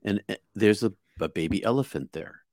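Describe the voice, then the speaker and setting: A man from outside Boston tells a story aloud in an earnest, vivid way, often repeating and restarting his words. His voice sits fairly low. The sound is dry, with no room echo. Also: a little fast, a little mellow. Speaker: guest. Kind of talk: casual spoken storytelling.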